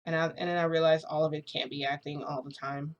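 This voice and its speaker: The recording is muffled with slight background noise as a vlogger with a low, flat voice speaks quickly. She rambles through a story for her viewers, using "like" again and again and laughing lightly between phrases.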